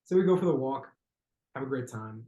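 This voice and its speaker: A man in the middle of his voice range speaks as a podcast guest, telling a story in a thoughtful, searching manner. He pauses and restarts often, reaching for the right word. The recording has a noticeable roomy echo. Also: mid-range voice, expressive, dark tone, dull audio. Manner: searching, hesitant phrasing with frequent "like" and restarts. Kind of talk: reflective conversational storytelling.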